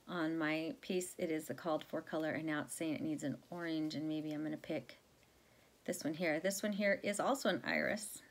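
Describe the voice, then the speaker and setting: A rambling, chatty woman talks casually to her viewers, full of ums and restarts. Her voice sits a little low for a woman. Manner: chatty, rambling, many fillers and self-corrections. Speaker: cross-stitch vlogger.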